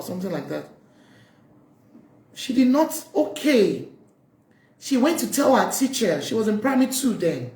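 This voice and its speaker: A woman giving heartfelt, pleading advice to parents, telling personal stories with many pauses and ums. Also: lowish voice, darkish tone. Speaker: parenting speaker. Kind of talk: earnest advice talk to parents. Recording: roomy echo.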